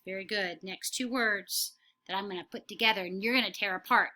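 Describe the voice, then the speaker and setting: A woman teacher leading a phonics lesson for young children, slow and encouraging, saying words for the class to repeat. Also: medium pitch, pushed and bright.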